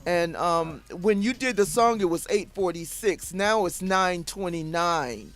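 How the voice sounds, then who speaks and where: A woman hosting an internet radio show in casual talk, sounding low and saddened, hesitant and full of fillers. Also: expressive, a little slow. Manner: subdued, hesitant, many fillers.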